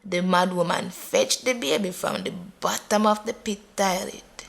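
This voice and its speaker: A woman voicing a quiet, knowing old village woman. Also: on the low side, lively intonation, measured pace, gravelly. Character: eccentric old village woman called mad.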